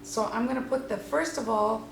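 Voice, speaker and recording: A woman's voice: fairly high pitch, normal speed, creaky. A woman teaching a watercolor painting lesson, chatting with enthusiasm as she paints. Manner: enthusiastic, chatty while working. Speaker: watercolor instructor. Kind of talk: painting demonstration. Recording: echoey room with faint noise.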